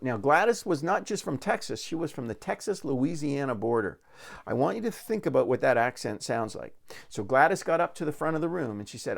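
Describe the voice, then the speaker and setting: A man's voice: a little high, animated, fairly quick, vocal fry. A man giving a recorded real estate sales training talk, telling folksy stories and repeating words as he restarts.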